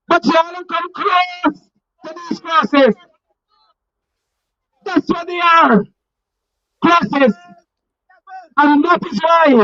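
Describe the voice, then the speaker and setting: A rally speaker giving a fiery political speech outdoors and leading the crowd in call-and-response chants. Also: very high-pitched. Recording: muffled lo-fi rally recording.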